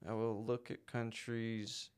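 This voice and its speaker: A man's voice: fairly low pitch, level tone, takes it slowly, darkish tone, clean tone. A young adult man co-hosting a podcast, easygoing and chatty in casual talk. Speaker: podcast co-host. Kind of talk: casual chat.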